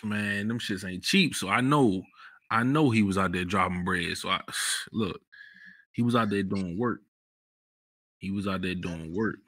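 A man hosting a podcast, talking in a relaxed, slangy way about wrestling memories, jumping up in pitch when excited. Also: measured pace, no room sound, clean studio sound. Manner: relaxed slangy storytelling, bursts of high excitement. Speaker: podcast host. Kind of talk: casual chat.

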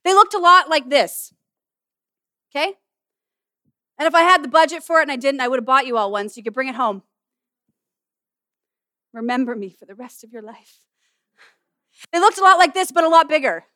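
A middle-aged woman pastor giving an animated, humorous sermon in a conversational way. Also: high-pitched, normal speed, pauses often, no room sound, studio quality. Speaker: pastor and student chapel speaker. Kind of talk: sermon with object lesson.

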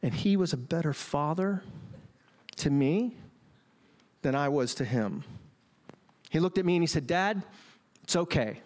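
Animated high-voiced man preaching. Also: measured pace, long pauses. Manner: animated, self-mocking storytelling. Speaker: pastor. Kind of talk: sermon with personal stories.

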